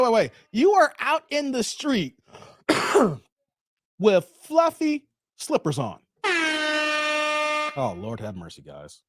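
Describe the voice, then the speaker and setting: A man hosting a livestream, reacting to a clip with laughing, animated commentary and thanking viewers for donations. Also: extremely high pitch. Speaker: channel host reacting to a clip.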